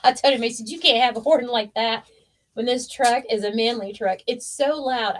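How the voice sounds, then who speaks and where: A woman hosting a crafting livestream, chatting casually and teasing while she works. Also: on the high side.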